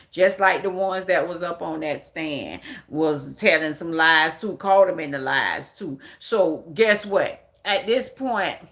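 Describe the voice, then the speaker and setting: A woman's voice: low-pitched, vocal fry, fairly bright tone. A woman hosting a casual livestream, ranting bluntly and with lots of swearing as she talks straight to her viewers. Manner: blunt, profane, emphatic ranting. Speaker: livestream commentator.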